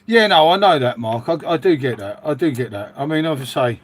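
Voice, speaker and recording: On his live stream, a middle-aged English host reads out viewer comments in a chatty, rambling, matey manner. His mid-range voice is expressive and a little fast.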